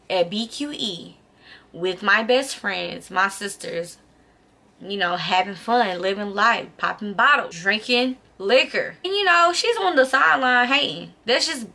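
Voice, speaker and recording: Animated, bright-voiced young woman vlogger. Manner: animated, profane, heavy use of "like"; acts out quoted lines with jumps in pitch. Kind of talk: storytime vlog, casual chat.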